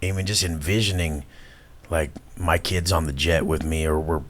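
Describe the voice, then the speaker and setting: A man's voice: rumbling low, steady tone, moderate pace. A man in his thirties, a podcast guest talking bluntly and intensely, swearing often. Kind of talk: casual chat.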